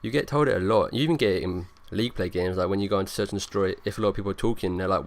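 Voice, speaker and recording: A man's voice: lowish voice, very fast, few pauses, a little hiss or hum. A young man rambling through casual gameplay commentary, leaning on lots of fillers. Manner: rambling, filler-heavy, talks over gameplay. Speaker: gaming YouTuber.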